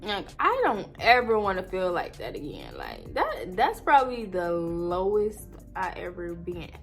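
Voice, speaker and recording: A woman's voice: lowish voice, huge pitch swings, a little slow, soft background music. A woman in her twenties telling an emotional story on her vlog. She talks tearfully, laughs through the tears and rambles with many fillers. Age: 20s. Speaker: vlogger.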